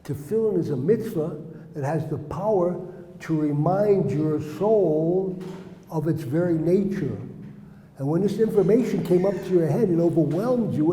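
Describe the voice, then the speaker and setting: A man's voice: fairly high pitch, moderate pace, warm tone, a little hiss or hum. A man giving an earnest storytelling lesson to a group of young men, acting out the dialogue in his stories. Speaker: religious teacher. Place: indoor room with young listeners. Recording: roomy hall reverb.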